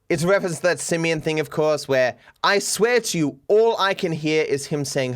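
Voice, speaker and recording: A young Australian man reacts to fan memes in a casual stream commentary. His slightly high voice swings widely in pitch, and he keeps a wry, self-mocking tone with small chuckles. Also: lively intonation, normal speed, a bit bright, faint music behind.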